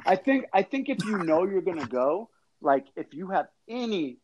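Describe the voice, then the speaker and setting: A man's voice: high-pitched, very animated, moderate pace, darkish tone, lo-fi sound, slight background noise. A man talking casually on a podcast, rambling with lots of fillers. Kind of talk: casual chat.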